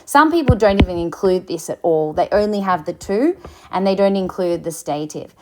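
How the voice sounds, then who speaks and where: A woman teaching a recorded lesson, explaining slowly, with fillers and restarts. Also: lowish voice, animated, background noise. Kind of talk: recorded lecture.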